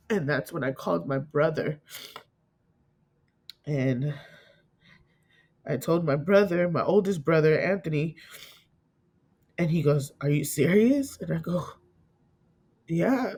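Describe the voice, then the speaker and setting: A middle-aged woman from California telling a painful personal story in an interview, emotional and halting, often repeating herself and acting out what others said. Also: low-pitched, dark tone, husky. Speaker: guest telling her story.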